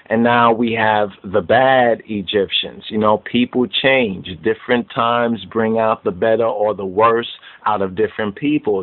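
Guy preaching scripture real slow, keeps checking you understand, sounds like its coming thru a phone. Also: medium pitch. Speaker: Bible teacher. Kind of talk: Bible study sermon. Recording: tinny phone-like line.

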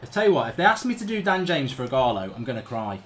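A man's voice: a little high, big pitch swings, fast talker, slight background noise. Ranting man streaming a game. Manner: ranting, swearing, exasperated outbursts. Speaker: gaming streamer. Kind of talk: live gameplay commentary.

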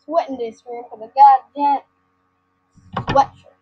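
High-voiced girl rambling over gameplay. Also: steady tone, measured pace, slight background noise. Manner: silly, rambling, sing-song outbursts. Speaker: gamer recording her screen. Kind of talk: casual gameplay commentary. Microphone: computer mic. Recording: lo-fi screen recording with faint game music.

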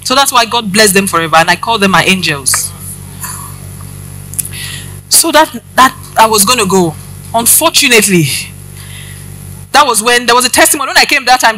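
A woman's voice: on the high side, pushed and bright, low-quality recording. A woman preaching, giving a personal testimony and addressing the congregation directly with questions.

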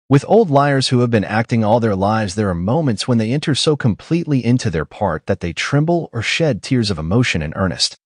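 A man reads a classic novel aloud in an expressive, measured manner. His voice is husky, with lively pitch movement, and sounds dry and close. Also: no room sound. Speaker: audiobook narrator. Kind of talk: scripted narration.

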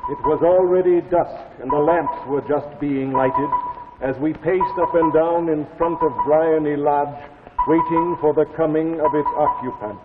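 An actor playing a male reading machine that reads stories aloud in a measured voice, in a live 1950s TV drama. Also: a little high, steady tone, heavy background noise, close to an everyday voice. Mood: steady reading. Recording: tinny 1950s TV speaker audio with music.

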